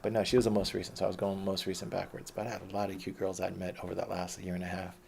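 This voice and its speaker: A man's voice: sits low, flat delivery, rapid-fire, creaky, a little mellow, a little hiss or hum. A man telling his life story in a rambling, profane, casual monologue.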